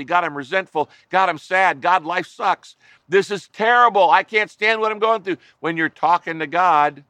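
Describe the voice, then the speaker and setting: A man's voice: a little high, pushed and bright, dry recording. A man pastor preaching a sermon, emphatic, driving home points with repeated lists.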